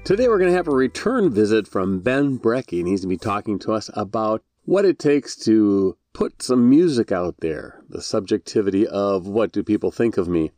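A man's voice: mid-range voice, darkish tone, no room sound. A middle-aged man hosting a podcast, telling his own story in a casual, self-deprecating way. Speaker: podcast host. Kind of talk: solo podcast monologue.

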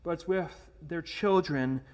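A man's voice: on the high side, slow pace. A man preaching a sermon, earnest and emphatic, posing rhetorical questions and repeating words as he presses a point. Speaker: pastor.

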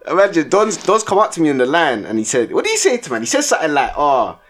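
A man's voice: fairly high pitch, huge pitch swings, rapid-fire, fairly bright tone, soft background music. A young man, co-hosting a casual podcast and telling stories in heavy slang, often laughing. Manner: slangy, laughs often, tags lines with "innit". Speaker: podcast co-host. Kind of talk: casual chat, storytelling.

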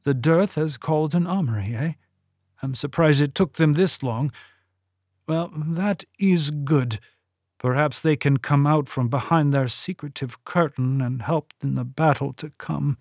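A man voicing a commanding older woman religious leader in an audiobook, speaking in a stern, imperious, measured way. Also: a little high, darkish tone, dry recording, clean studio sound. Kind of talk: audiobook character voice.

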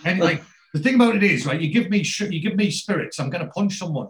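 A man with a high-sitting voice talks fast over poor audio, retelling a TV episode in casual chat. He's lively about it, swearing freely and acting out what the characters say.

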